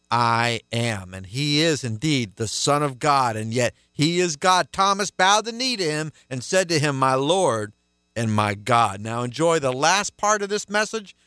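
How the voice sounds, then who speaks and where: A man, a pastor, delivering a radio ministry sermon with emphatic, deliberate preaching that repeats key phrases. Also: a little high, fairly bright tone.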